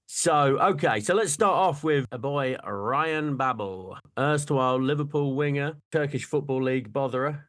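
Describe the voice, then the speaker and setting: A middle-aged man co-hosting a relaxed chat show. He talks in an animated, joking way, with his voice sitting at an ordinary middle pitch, and laughs often as he goes. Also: moderate pace, few pauses. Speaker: podcast co-host. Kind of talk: casual chat.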